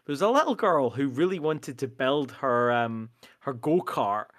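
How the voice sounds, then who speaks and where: A man's voice: mid-range voice, expressive, moderate pace, fairly bright tone. A man co-hosting a podcast in casual chat, laughing easily and prompting his partner with questions. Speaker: podcast co-host.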